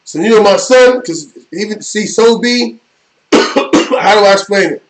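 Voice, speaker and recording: A middle-aged man tells a long jail story on his live stream. His voice sits high for a man, and he rambles with loose street slang, often checking in with "you know what I mean." He sounds relaxed and unscripted. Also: a little slow, noisy background. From New York. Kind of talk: casual storytelling.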